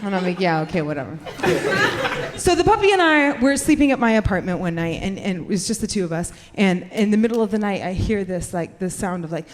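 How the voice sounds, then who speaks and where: A woman performing a stand-up comedy set, telling brash, profane stories and shouting her punchlines. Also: medium pitch, animated, fast talker, few pauses. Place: comedy club stage in front of a live audience. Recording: live club recording with reverb and crowd noise. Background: audience laughter.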